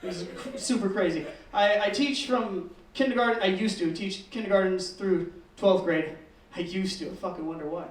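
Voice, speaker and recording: Stand-up comic, male, high-pitched and deadpan, recorded in an echoey room from a distance. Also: normal speed, hardly any pauses. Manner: deadpan storytelling, swearing, acting out kids in squeals. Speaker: stand-up comedian. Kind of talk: stand-up comedy set. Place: comedy open mic room.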